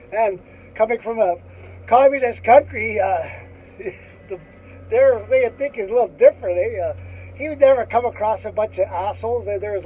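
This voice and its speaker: A man's voice: high voice, husky. A man with a Canadian accent telling a rambling school anecdote, chuckling often and ending his lines with "eh". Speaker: storyteller. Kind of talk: casual anecdote. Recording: tinny phone-like line with faint noise.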